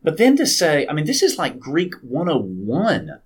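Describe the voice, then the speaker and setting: Animated man in casual podcast talk. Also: fairly high pitch, normal speed, husky. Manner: animated, incredulous, conversational. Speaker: pastor and podcast co-host. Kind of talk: casual theological discussion.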